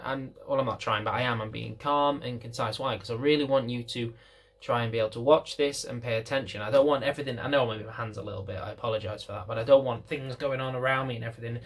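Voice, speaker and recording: A man, a dog trainer, talking casually to camera from a chair, with many fillers and restarts. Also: medium pitch. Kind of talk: unedited talk to camera. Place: indoors, seated in a chair.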